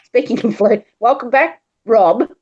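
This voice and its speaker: A woman's voice: a little high, a little mellow. An Australian woman chatting casually, laughing often and teasing the others. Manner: laughing, teasing, self-mocking. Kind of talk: casual chat. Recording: dull lo-fi sound.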